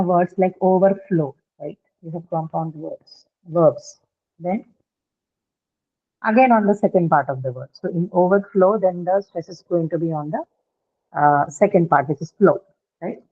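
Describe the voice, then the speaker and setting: Lady teaching pronunciation over a call, keeps asking right?, tinny phone sound. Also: fairly low pitch. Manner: explains patiently, checks in with "right?". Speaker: English teacher. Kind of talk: online English lesson.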